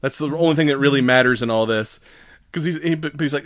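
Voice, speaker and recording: A man co-hosting a podcast, rambling through a casual recap with frequent laughs and quick acted-out lines. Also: mid-range voice, fairly bright tone, no echo, clean studio sound. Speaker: podcast co-host. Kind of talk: casual chat recapping a comedy series.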